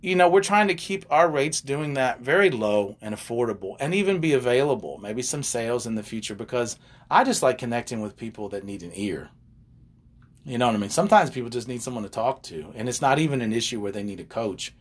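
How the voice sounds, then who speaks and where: An older man with a husky voice talks about his life in a relaxed, rambling way. His pitch rises and falls a lot as he goes off on side stories and jokes. He speaks as a relationship coach on a casual chat show. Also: a little fast.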